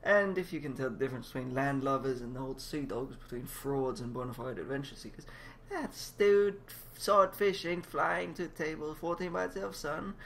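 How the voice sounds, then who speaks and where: A man voicing a gruff mother who runs a waterfront burger joint and grumbles at her son. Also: on the high side, normal speed, a bit bright, a little hiss or hum, voice pushed down. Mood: grumbling.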